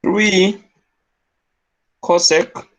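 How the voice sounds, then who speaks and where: A man's voice: high-pitched, fairly even intonation, extremely slow. A man teaching a maths class, talking through each step aloud and checking in with his students. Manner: dictates steps aloud, checks understanding with "yes?". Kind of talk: classroom lecture. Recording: dull lo-fi classroom recording.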